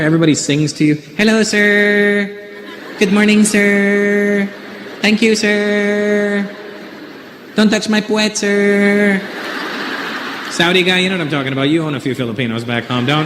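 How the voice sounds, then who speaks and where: A man doing stand-up comedy from Canada, animated and teasing the audience as he tells stories on a large theater stage. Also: a little high, a little hiss or hum. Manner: animated, teasing audience members, puts on voices. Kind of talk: stand-up comedy with crowd work.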